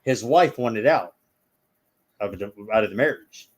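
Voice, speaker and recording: A man's voice: lowish voice, expressive, measured pace, breathy edge. A man telling long stories as a guest in a casual chat, rambling and acting out the people in them.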